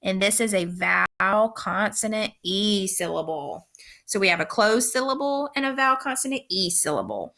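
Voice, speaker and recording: A woman teacher giving a recorded phonics lesson, speaking slowly and clearly and repeating each word for young learners. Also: medium pitch, lively intonation, sharp tone. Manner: slow, clear instructional pacing with repeated words.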